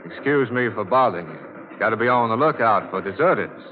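A man playing a brisk, suspicious train conductor. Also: lowish voice, expressive, slight background noise, lightly acted. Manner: brisk and official. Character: suspicious young male train conductor and captain. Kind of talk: old-time radio drama acting. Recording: tinny old radio recording.

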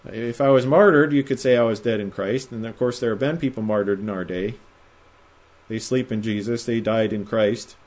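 A man giving verse-by-verse Bible teaching in a measured, explanatory way, slowing down to stress quoted phrases. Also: on the low side, a little mellow.

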